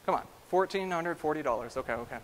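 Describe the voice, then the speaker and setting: Male pastor, high-pitched, lively sermon delivery, echoing sanctuary. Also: fast. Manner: animated, asks the congregation direct questions. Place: church sanctuary. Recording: long church reverb.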